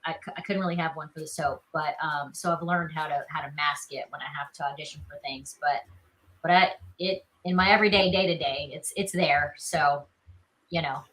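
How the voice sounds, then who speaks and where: A woman in her thirties from South Carolina with a warm Southern accent, a fairly low voice and a bright, forward tone. She talks in a chatty, upbeat way, full of "you know" and "like", as a guest on a video call interview. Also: steady tone, brisk, rough recording. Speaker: guest, actress. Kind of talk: casual interview chat.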